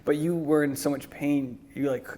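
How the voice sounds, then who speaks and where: A man's voice: fairly high pitch, fairly even intonation, normal speed, dark tone. A man chatting casually and chiming in as co-host. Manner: interjecting, casual, adds details. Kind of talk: casual chat.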